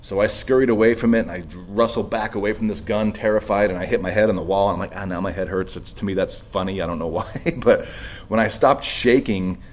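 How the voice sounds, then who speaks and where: Very deep-voiced man telling a raw story. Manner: raw, emotional, halting with many restarts and swearing. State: shaky with emotion. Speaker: speaker sharing his story. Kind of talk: personal testimony.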